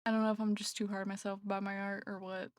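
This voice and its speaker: A woman's voice: mid-range voice, steady tone, fairly quick, darkish tone, no room sound, clean studio sound. Rambling, self-conscious woman streamer. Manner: rambling and self-conscious, with many fillers and restarts. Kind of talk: casual live-stream chat. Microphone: computer microphone.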